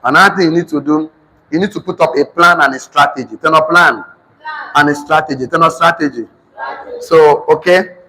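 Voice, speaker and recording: A man with a Nigerian accent teaching a finance class, repeating each phrase slowly so students can write it down. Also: fairly high pitch, pushed and bright, long reverb tail, poor audio. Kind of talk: classroom lecture with dictation.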